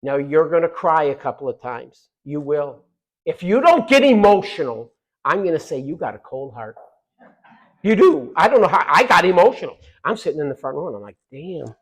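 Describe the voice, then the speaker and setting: Fiery middle-aged man, somewhat high-pitched voice, rally speech, loud punchy repetition with quiet asides. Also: big pitch swings, moderate pace, husky, poor audio. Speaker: congressman giving a speech.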